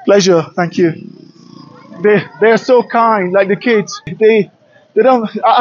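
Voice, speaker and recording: Here a travel vlogger talks to camera in an unhurried, high-pitched voice while strolling outdoors through the city. He has a British-influenced Nigerian accent and sounds enthusiastic and opinionated, captured handheld on a smartphone in lo-fi audio.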